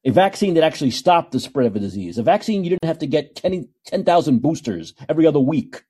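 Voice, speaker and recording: A middle-aged man hosts a solo call-in podcast, ranting in a combative, sarcastic way. His voice sits on the high side, mellow and husky, and he talks expressively at a quick pace.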